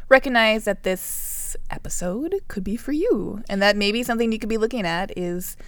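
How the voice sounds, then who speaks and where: A woman's voice: mid-range voice, animated, moderate pace, no echo. A woman co-hosting a casual podcast, explaining nutrition topics and laughing often.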